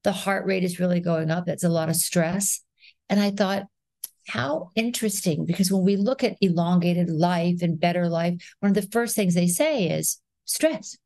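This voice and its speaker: A woman in her sixties speaks as a guest in a podcast interview, in a low voice with gravelly fry. She tells her stories in an animated way and acts out rhythms and little sounds as she goes. The recording is close and dry. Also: moderate pace, no room sound. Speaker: actress, guest.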